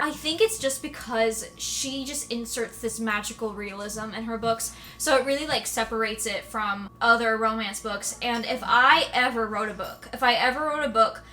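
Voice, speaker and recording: Bright-voiced young woman book vlogger. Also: fairly high pitch, slight background noise. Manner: chatty and emotional, with lots of fillers. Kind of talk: casual reading vlog.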